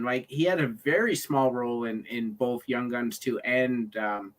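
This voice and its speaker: A man in a casual chat, telling his stories in an animated, incredulous way. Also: medium pitch, normal speed, hardly any pauses.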